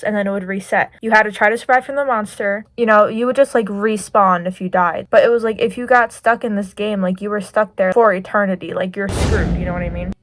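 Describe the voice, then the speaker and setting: A woman's voice: mid-range voice, fairly bright tone, dry recording. Giggly young woman chatting, dry sound. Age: young adult. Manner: chatty, giggly, filler-heavy "like". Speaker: vlogger. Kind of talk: casual storytelling chat. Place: at home doing makeup.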